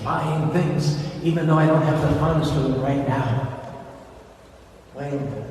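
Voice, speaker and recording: Animated preacher man in an echoey hall. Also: medium pitch, unhurried, pauses often, recorded from a distance, a little hiss or hum. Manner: animated, rhetorical questions. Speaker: temple preacher. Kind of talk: sermon. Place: temple hall.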